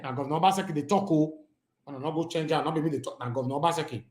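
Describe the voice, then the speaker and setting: A high-voiced Nigerian man with a Pidgin accent hosts an online news show. He reads articles aloud, then slips into lively, chatty commentary. The room around him rings with echo. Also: fast talker. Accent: Nigerian Pidgin English. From Edo State, Nigeria. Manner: animated, shifts between reading and chatty asides. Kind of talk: news reading mixed with casual commentary.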